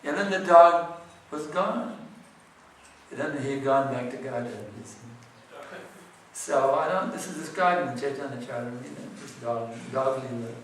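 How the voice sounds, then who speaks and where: A man's voice: mid-range voice, moderate pace, a bit bright, recorded from a distance, a little hiss or hum. A man giving a devotional morning class and answering questions, speaking conversationally with frequent rhetorical questions, in a temple hall. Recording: echoey temple hall, speaker set back from the mic.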